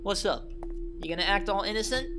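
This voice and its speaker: A young man commenting on a horror game, joking and shouting at the scares. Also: high-pitched, fairly quick, background noise. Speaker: gaming commentator.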